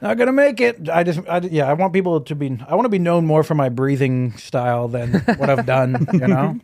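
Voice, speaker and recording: A man's voice: fairly high pitch, steady tone, fairly quick, darkish tone, dry recording, studio quality. A man who is a guest on a podcast, chatting in a casual, comedic way. He rambles, fills his talk with fillers and tells his stories jokingly. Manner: rambling, full of fillers, jokey.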